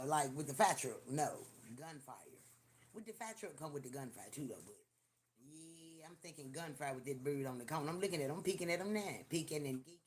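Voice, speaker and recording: Older livestream host, chatty storyteller, cusses freely, addresses the viewers directly. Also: medium pitch. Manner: animated, profane, talks straight to viewers. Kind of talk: casual live-stream storytelling.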